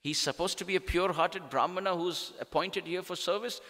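A man's voice: high-pitched, steady tone, fairly quick, fairly bright tone. A man giving a sermon, telling a devotional story in a dramatic style with acted quotes. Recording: long hall reverb.

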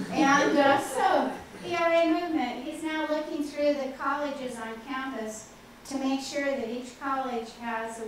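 A woman's voice: sits high, distant mic. Older woman, professor, chatty anecdotal lecture, filler-heavy, very reverberant hall, faint hiss. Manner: chatty, frequent "okay" and "uh" fillers, laughs at herself. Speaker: professor giving a faculty talk. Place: large lecture hall with audience.

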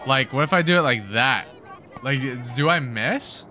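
A young man hosting a gaming video, giving excited let's-play commentary and cheering his team on with slangy outbursts. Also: medium pitch, measured pace. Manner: hyped, yelling at the game, slangy.

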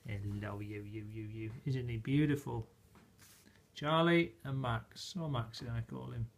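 A man's voice: mid-range voice, a little slow, vocal fry. A man filming a casual home vlog, talking fondly to his new puppies in doting baby talk and chuckling often. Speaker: vlogger. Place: at home indoors.

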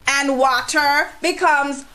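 A woman's voice: high-pitched, fairly even intonation, slow pace, sharp tone. A woman with an Anguillian accent, talking playfully to camera in a comic monologue, teasing and acting out exaggerated examples. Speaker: vlogger.

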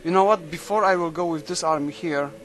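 A young man quietly musing aloud while playing a strategy game, halting and thinking out loud. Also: a little high, low-quality recording. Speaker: video game commentator. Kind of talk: late-night let's play commentary.

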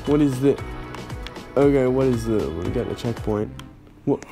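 A man's voice: mid-range voice, animated, moderate pace, creaky, music in the background. A young man commenting on a game he is playing, with sarcastic, incredulous reactions. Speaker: gaming YouTuber. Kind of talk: let's play commentary.

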